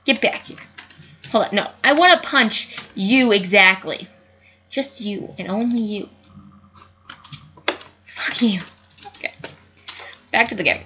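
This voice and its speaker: A young woman giving casual gameplay commentary, excitable, swearing and yelling at the screen. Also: medium pitch, slow pace, pauses often, muffled recording, a little hiss or hum. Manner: excitable, yells at the screen, frequent cussing. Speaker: gaming youtuber.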